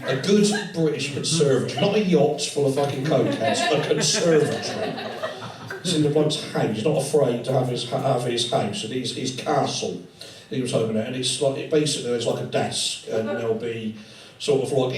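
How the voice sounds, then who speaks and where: A man's voice: mid-range voice, moderate pace. A man performing live stand-up in a tattoo studio, with a rambling, profane, chatty delivery. His voice bounces around a very echoey room and is picked up from a distance. A crowd laughs throughout. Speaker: stand-up comedian.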